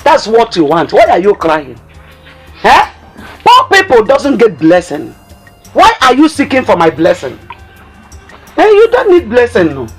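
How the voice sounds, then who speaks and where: A woman's voice: fairly high pitch, wildly swooping pitch, music in the background. A woman with a Nigerian Igbo accent, playing a middle-aged mother who mocks and scolds her daughter. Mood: scolding. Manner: mocking, scolding, drawn-out emphasis. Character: scornful greedy mother berating her daughter. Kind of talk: film acting.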